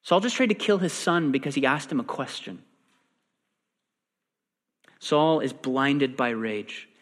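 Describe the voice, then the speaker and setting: A man preaching a sermon, animated and acting out the quoted lines. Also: mid-range voice, a little slow. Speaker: pastor. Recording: long reverb in a large hall.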